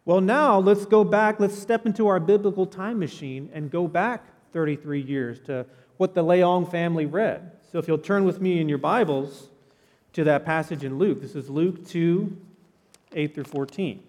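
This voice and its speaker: A pastor giving a sermon in a church, telling the story in a conversational, animated way with casual asides. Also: male voice, a little high, moderate pace, big-room sound. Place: church sanctuary.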